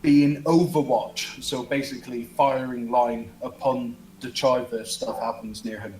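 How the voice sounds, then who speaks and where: A man's voice: medium pitch, fairly even intonation, normal speed, a little mellow, echoey room, far from the mic, slight background noise, low-quality recording. A man playing a tabletop game, chatting casually over voice chat. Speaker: player.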